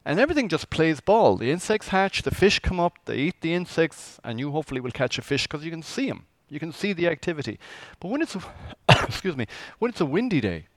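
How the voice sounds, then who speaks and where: A man's voice: a little high, big pitch swings, brisk, few pauses. A man preaching a conversational sermon as pastor, asking the congregation rhetorical questions.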